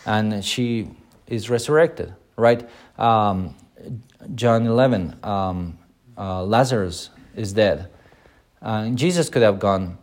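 A man's voice: lowish voice, slow pace. A man, a pastor, teaching an unscripted Sunday School Bible lesson, with many filler sounds and quoted lines acted out in a raised voice.

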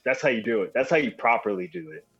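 Husky laid-back man. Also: medium pitch, lively intonation, fast, highs cut off, faint music behind. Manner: laid-back, profane storytelling. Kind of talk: casual chat.

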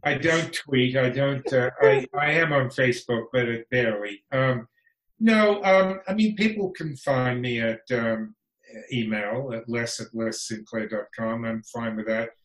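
A man's voice: medium pitch, measured pace, a bit bright. A man talking as a podcast guest in casual conversation, wry and frank, laughing often. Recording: echoey room.

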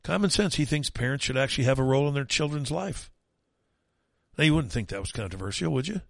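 A man's voice: mid-range voice, fast, vocal fry, dry recording. A man hosting a talk radio show, delivering an opinionated, mocking and emphatic monologue.

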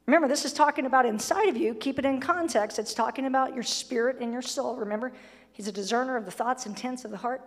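A woman's voice: fairly high pitch, fast, in a large hall. A woman pastor preaching a sermon, emphatic, blunt and humorous, sometimes acting out the voices she quotes. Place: church sanctuary.

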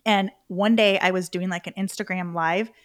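A woman's voice: fairly low pitch, fairly even intonation, moderate pace, dry recording, clean studio sound. A middle-aged woman, a podcast guest, chatting casually and animatedly, acting out her own reactions as she tells a story. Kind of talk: casual interview chat.

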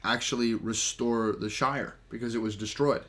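A man's voice: medium pitch, steady tone, moderate pace, fairly bright tone. A man who is a guest on a casual podcast, mostly giving short agreeable replies between longer points.

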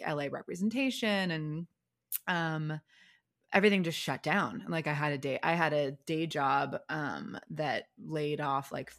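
A young adult woman, an impressionist, talking casually in an interview with lots of fillers and quick jumps into quoted voices. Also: sits low. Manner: chatty, many "like" fillers, lively swings into quoted voices. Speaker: impressionist and video creator.

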